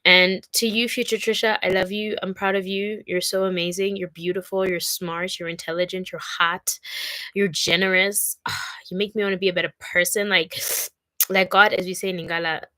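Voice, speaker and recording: A woman's voice: lowish voice, level tone, moderate pace, bright, forceful tone, no room sound. A young woman with a South African accent, talking to camera in an emotional, rambling way and crying at times. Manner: heartfelt, tearful, rambling with fillers. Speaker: vlogger. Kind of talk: emotional casual talk to camera.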